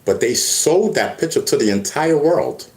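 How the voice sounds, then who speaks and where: A man's voice: on the high side, moderate pace. A man talking casually to camera, stammering and restarting often as he tells stories. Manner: animated storytelling with many restarts and stammers. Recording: echoey room.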